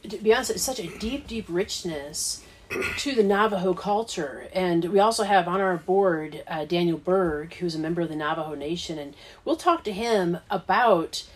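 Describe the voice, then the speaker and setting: Earnest Midwestern woman, lowish voice. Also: moderate pace. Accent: Midwestern American. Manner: earnest, explanatory, with fillers. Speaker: college co-founder. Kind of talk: casual conversation.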